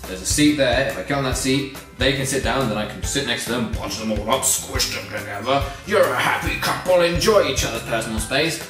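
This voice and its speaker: A young adult, ranting casually in a vlog with lots of swearing and sudden jumps toward shouting. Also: medium pitch, a little fast, few pauses, music in the background. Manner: animated, sweary ranting with big swings up to near-shouting. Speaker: vlogger.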